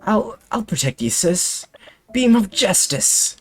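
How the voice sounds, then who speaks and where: A man reading out an excitable little boy in a video game, squeaky, stammering and insistent. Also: slow pace, faint music behind, heavily acted.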